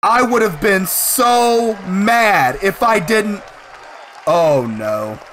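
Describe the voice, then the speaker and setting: A man doing let's play commentary, excitable, cursing and shouting at the game as he plays. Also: sits high, very slow, a faint crowd, a little hiss or hum. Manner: excitable, swears and yells at the game. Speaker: gaming commentator.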